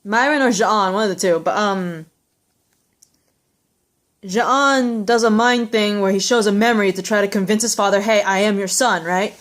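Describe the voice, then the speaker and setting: A woman's voice: medium pitch, moderate pace. A woman vlogging in a casual, rambling and gushing way, with many fillers. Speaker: vlogger reviewing a TV episode. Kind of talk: casual chat.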